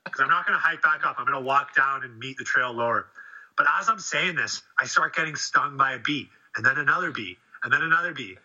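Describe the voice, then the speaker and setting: A man in casual chat, telling a story in an animated way and swearing freely. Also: medium pitch, fast. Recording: dull lo-fi sound.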